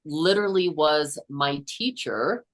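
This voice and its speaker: A low-voiced woman in her sixties, a podcast host and author appearing as a guest, tells a story in a casual interview. She's earnest and animated, speaks slowly in a slightly bright voice, and often restarts and says "you know."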